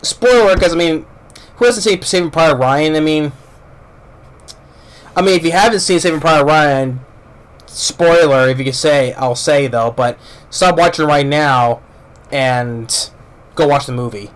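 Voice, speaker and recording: Rambling, slightly high-voiced male movie reviewer. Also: normal speed, long pauses. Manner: rambling, many restarts and repeated words; excited, blunt and informal, swears casually. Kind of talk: casual spoken film review.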